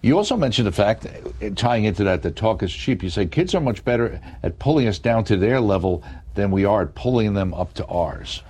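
A man's voice: lowish voice, lively intonation, fairly quick, a little mellow, husky. A man hosting a book interview show, listening closely and often answering with short words of agreement. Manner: attentive, frequent short affirmations. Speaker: talk show host. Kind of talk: interview host.

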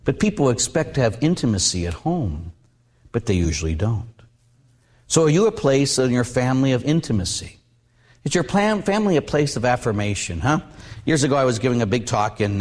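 A middle-aged man preaching as a Catholic priest, mixing plain talk with stories. His delivery is animated, and he acts out quoted lines with sudden big jumps in pitch. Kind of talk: storytelling sermon.

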